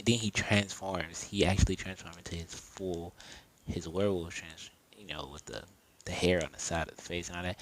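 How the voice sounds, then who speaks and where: Casual male storyteller, deep voice, rambling and self-correcting mid-game. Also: low-quality recording. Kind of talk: improvised fan-story narration.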